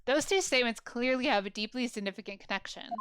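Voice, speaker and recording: A woman's voice: on the high side, fast talker, a bit bright, clear, resonant tone. Chatty woman gamer reading and commenting. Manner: chatty, incredulous asides. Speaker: let's play gamer. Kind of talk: casual gameplay commentary and reading aloud. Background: game music.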